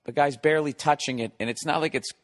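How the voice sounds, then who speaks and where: A man's voice: fairly high pitch, fast. Profane, exasperated male podcast host. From United States. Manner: profane, exasperated ranting with sarcastic asides. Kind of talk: solo comedic rant.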